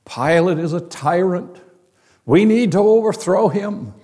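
A man's voice: sits high, lively intonation, a little slow, a little mellow, long reverb tail, pitched above the performer's own voice. A man voicing an indignant male protester who is declaiming against the ruler. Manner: declaiming, raised and strident.

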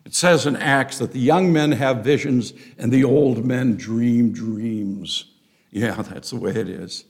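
Slow, gravelly older male preacher. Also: mid-range voice. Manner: deliberate, emphatic preaching with rising stresses. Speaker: pastor. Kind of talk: expository sermon.

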